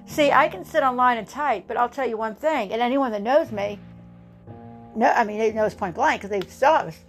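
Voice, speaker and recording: Woman, fairly high voice, impassioned political monologue, emphatic, repetitive, grave warnings, faint music behind. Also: moderate pace. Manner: emphatic, rousing, repeats lines for effect.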